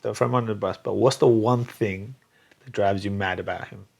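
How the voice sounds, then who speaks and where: Brief: man hosting, gravelly voice, teasing and playful. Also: on the low side, steady tone, fairly quick, darkish tone. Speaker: host. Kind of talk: casual interview.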